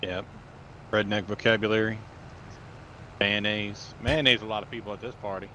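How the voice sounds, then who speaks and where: A man's voice: on the low side, fairly even intonation, normal speed, sharp tone, slight background noise, poor audio. A man playing along in a casual game chat, giving short reactions and remarks. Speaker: co-player.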